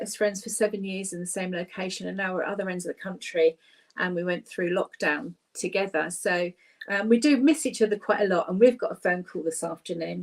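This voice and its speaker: A middle-aged British woman with a cheerful, chatty manner, leading an online laughter yoga class and filling pauses with ums. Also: on the low side, poor audio.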